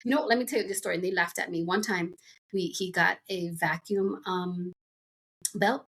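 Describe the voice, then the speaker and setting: A woman's voice: fairly low pitch, fairly even intonation, moderate pace, fairly bright tone, husky. A middle-aged woman from the United States, a podcast guest, chatting casually and telling a rambling story full of fillers and asides. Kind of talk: casual chat.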